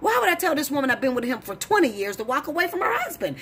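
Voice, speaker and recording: Blunt, profane woman ranting, voice leaping high. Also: very animated, fast, few pauses. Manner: blunt, profane, preachy, rising to shouts. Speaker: tarot reader. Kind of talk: heated monologue to camera.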